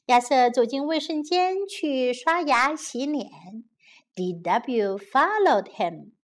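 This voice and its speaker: A woman teacher reading a children's story aloud, line by line in two languages, in a careful, gentle manner. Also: high-pitched, lively intonation, takes it slowly. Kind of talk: bilingual storybook narration.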